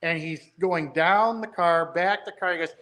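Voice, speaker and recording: A man's voice: a little high, normal speed, pushed and bright. A man talking as a guest about building a car, telling rambling, enthusiastic stories. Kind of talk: casual chat.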